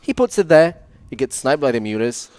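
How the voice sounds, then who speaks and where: A man's voice: mid-range voice, brisk, no room sound. A man co-casting an esports stream, telling a story animatedly and laughing at it. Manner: animated, laughs at his own stories. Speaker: co-caster and coach. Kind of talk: casual storytelling.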